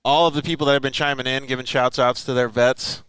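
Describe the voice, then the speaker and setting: A man co-hosting a casual talk show, easygoing and quick to chime in. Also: medium pitch, fairly even intonation, fairly bright tone, clear, resonant tone, no room sound. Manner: quick, easygoing, laughs along. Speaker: co-host. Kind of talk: casual chat.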